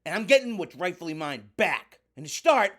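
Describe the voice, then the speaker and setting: A man's voice: sits high, big pitch swings, moderate pace, fairly bright tone, exaggerated voice. A man playing a brash wrestler who calls himself the god of fire, delivering a blustering, indignant heel promo.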